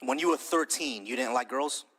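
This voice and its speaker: A man hosting a live online debate, cutting in, repeating words in quick bursts and swearing freely. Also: medium pitch, a bit bright, slightly rough. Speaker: debate stream host.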